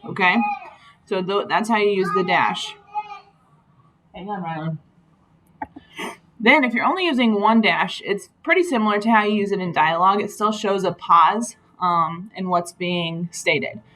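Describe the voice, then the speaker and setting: A woman's voice: mid-range voice, expressive, unhurried, pauses often, a bit bright, slight background noise, poor audio. Patient woman teacher explaining slides. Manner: patient, explanatory, with frequent ums. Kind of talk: recorded slide lesson.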